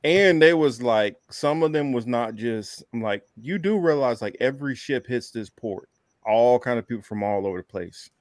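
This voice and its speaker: A man's voice: mid-range voice, expressive, normal speed, no echo. A man hosts a casual podcast in an easy, laid-back way. His voice sits in the middle range and is recorded dry and close, and he acts out the lines of people in his stories. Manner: laid-back storytelling, acting out quoted exchanges. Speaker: podcast host. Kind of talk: casual chat.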